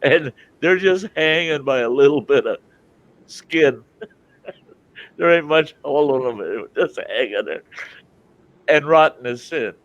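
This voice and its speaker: A man's voice: on the high side, animated, slow pace, long pauses, no room sound. A man hosting a live stream, telling a folksy anecdote and laughing through it. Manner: laughs through his own story, drawls. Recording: dull lo-fi stream audio.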